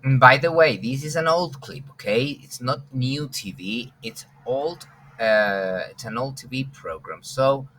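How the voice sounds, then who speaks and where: A man's voice: mid-range voice, measured pace, bright, forceful tone, slight background noise. A man teaching an online English lesson, talking casually with many fillers.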